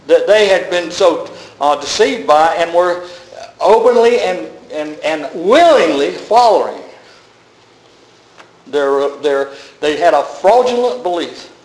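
A man's voice: sits high, echoey room, low-quality recording. A man preaching a sermon emphatically, often repeating words and restarting.

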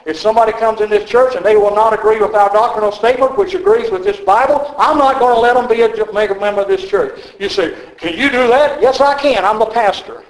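Preaching as pastor in a church sanctuary, an older man tells folksy stories, often breaking into chuckles. His voice sits high and moves quickly with few pauses, in an echoey room captured on a rough recording.

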